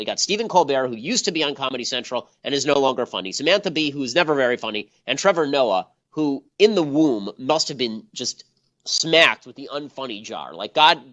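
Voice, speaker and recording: A man's voice: mid-range voice, a bit bright, dull audio. A man hosting a political commentary show, ranting scornfully at the clips he plays. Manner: scornful, rapid-fire ranting. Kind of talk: combative commentary monologue.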